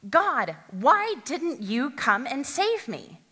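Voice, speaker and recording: A woman's voice: lowish voice, big pitch swings, normal speed, a bit bright. A woman voicing a stubborn stranded man. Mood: insistent. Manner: insistent, politely refusing. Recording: long hall reverb.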